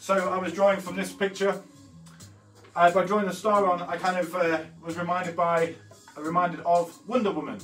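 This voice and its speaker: A man in his thirties with a high, level, somewhat bright voice talks at normal speed as he hosts an art workshop. His casual walkthrough of the artwork is heavy with fillers and self-corrections, captured on a slightly distant mic with faint music in the background.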